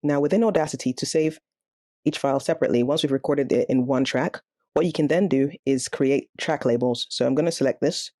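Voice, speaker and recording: A man walks through a programming tutorial step by step in a relaxed, explaining manner. His voice is warm and mellow, and the recording is close and dry with no room sound. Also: mid-range voice, a little fast, no echo. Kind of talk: screen-recorded coding tutorial.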